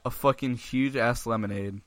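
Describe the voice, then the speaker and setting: A young man with a bright, forceful voice tells a rambling story on a casual podcast. He swears often and laughs between lines, recorded close and dry. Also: mid-range voice, moderate pace, no echo. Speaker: podcast host.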